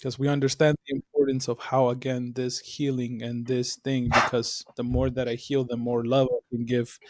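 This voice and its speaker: A man, chatting casually on a podcast and telling stories with animated, acted-out quotes. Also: medium pitch, normal speed, very noisy. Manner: animated storytelling, swears freely, acts out quoted voices. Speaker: podcast co-host.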